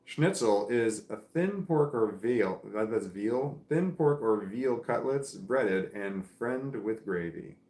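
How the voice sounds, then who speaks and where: A man's voice: medium pitch, lively intonation, slow pace, few pauses, a little mellow, echoey room. A man hosting a livestream, chatting casually and reading out viewer comments, rambling with many restarts. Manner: rambling, with frequent restarts and filler. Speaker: livestream host.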